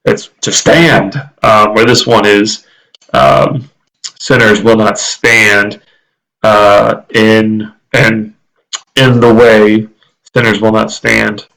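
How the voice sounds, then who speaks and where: A man with a low voice and a gravelly edge to it, talking through a scripture lesson. He thinks aloud, stops often with fillers, and slows right down when he reads a phrase out word by word. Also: steady tone, a bit bright, poor audio. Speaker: teacher. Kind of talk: casual Bible language lesson.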